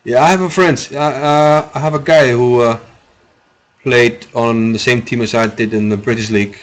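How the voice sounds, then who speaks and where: A man's voice: medium pitch, lively intonation, unhurried, pauses often. A man from Iceland, giving rambling, chatty live commentary on a chess game and answering viewers' chat.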